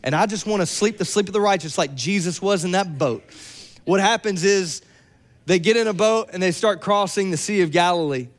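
Young guy preaching, high voice, jokey and lively, lots of playful asides. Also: fairly quick. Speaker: pastor. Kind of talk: sermon.

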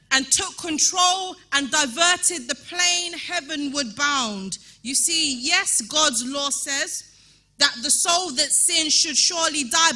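A woman preaching a sermon in a church, emphatic and repetitive, rising at times to shouting. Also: high voice. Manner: emphatic, repeats rhetorical calls, rises to shouting.

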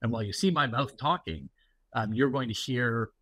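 A man's voice: medium pitch, moderate pace, pushed and bright, no echo. A middle-aged man, a guest security executive, talking casually and explaining at length with many fillers and anecdotes. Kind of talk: casual interview talk.

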